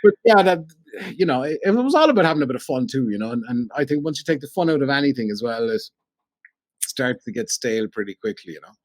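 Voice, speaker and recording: A man's voice: mid-range voice, big pitch swings, fast, no room sound. A man with a Cork Irish accent, a radio presenter telling stories in a rambling, chatty way as a podcast guest. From Ireland. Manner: chatty storyteller, rambling with many "you know"s. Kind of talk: casual podcast chat.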